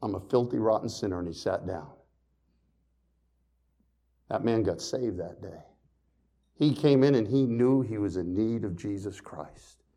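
A man pastor preaching a sermon, swinging between loud emphasis and quiet, hushed storytelling. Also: fairly low pitch, animated, takes it slowly, pauses often.

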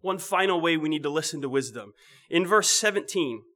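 A man delivers a sermon in an easy, talky manner, his voice sitting a little high for a man. He repeats himself, poses rhetorical questions, and softens his voice when he stresses a point. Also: animated, a little fast. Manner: conversational, rhetorical questions, frequent restarts; drops to a soft, low voice on key points. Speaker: preacher.

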